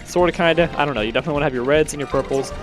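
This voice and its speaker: A man's voice: a little high, racing, over music. A young man, out of breath, rambling chattily as he commentates a video game playthrough. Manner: rambling, self-correcting, chatty. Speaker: let's play host. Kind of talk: casual gameplay commentary.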